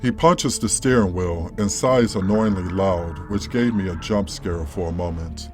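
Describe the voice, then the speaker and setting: Lowish-voiced male story narrator. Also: moderate pace. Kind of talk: scripted narration of a horror story. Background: faint background music.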